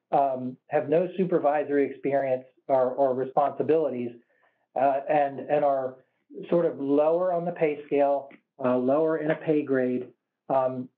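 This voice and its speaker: A slightly hoarse man presenting a webinar, answering audience questions in a measured, careful way with many fillers and restarts. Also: medium pitch. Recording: tinny phone-like line.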